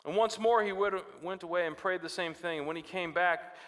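A man preaching from the pulpit in a high, ringing voice. He reads scripture with rising drama and then drops low for personal asides. The sound carries a long hall reverb. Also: a little fast, fairly bright tone. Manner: dramatic, rises sharply when quoting scripture. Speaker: pastor. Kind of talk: sermon.

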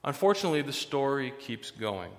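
A man's voice: mid-range voice, big pitch swings, a little fast, in a large hall. A man pastor giving a sermon in a conversational way, with joking asides between the serious points.

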